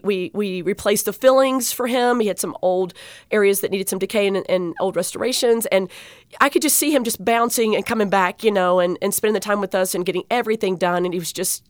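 A woman who works as a dental assistant, telling a personal patient story in an interview, heartfelt and animated, with many fillers and restarts. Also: medium pitch, no room sound, studio quality.

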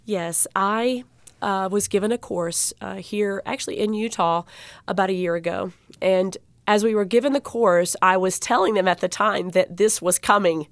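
A woman guest telling a personal story in an interview, animated and getting choked up. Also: medium pitch, moderate pace, no room sound. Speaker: guest speaker.

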